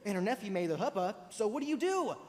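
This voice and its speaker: A man's voice: high voice, big pitch swings, fast. A young man playing a lonely middle-aged musical fan who confides in the audience in a wry, musing way. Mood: wistful. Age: teens. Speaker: narrator. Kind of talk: stage musical acting. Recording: reverberant auditorium stage.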